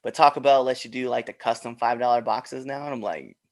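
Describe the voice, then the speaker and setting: A man's voice: mid-range voice, fairly even intonation, brisk. A man hosting a wrestling podcast, laid-back and laughing a lot in casual chat.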